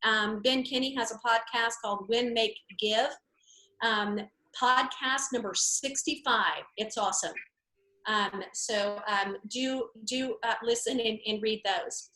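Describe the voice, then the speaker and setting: A woman's voice: fairly high pitch, steady tone, unhurried, pushed and bright. A woman real estate trainer teaching an online workshop in a conversational, laid-back way. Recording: echoey room.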